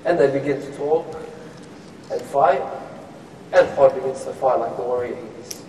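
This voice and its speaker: A man's voice: mid-range voice, normal speed, a little mellow, a little hiss or hum. A man preaching a sermon, telling a story with passion that builds into chanted lament. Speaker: sheikh. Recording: echoey hall, mic far off.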